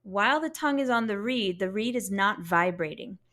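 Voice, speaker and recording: A woman's voice: medium pitch, expressive, moderate pace, fairly bright tone. A woman teaching a beginner saxophone lesson, explaining patiently step by step and sounding out syllables to demonstrate.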